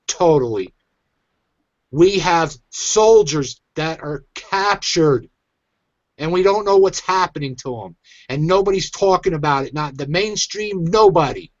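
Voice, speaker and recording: A man's voice: on the high side, dry recording, lo-fi sound. A man hosting his own online show, venting in an agitated, emphatic rant. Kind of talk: angry ranting commentary.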